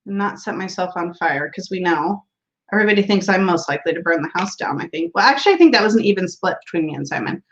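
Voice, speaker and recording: A woman's voice: on the low side, lively intonation, fast. A woman hosting a casual tarot livestream, chatting and laughing as she reads viewer comments aloud. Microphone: streaming setup mic. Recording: dull lo-fi stream audio.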